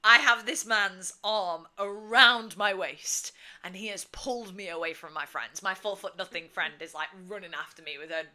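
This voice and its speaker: A woman's voice: medium pitch, normal speed. A woman in her twenties, co-host of a casual podcast, telling a story animatedly and laughing often. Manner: animated, laughs often, acts out quotes loudly.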